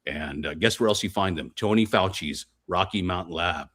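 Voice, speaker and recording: A man's voice: low-pitched, normal speed, a bit bright. A man speaking as a guest researcher on a podcast, explaining his case in an insistent, emphatic way. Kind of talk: fast podcast interview talk.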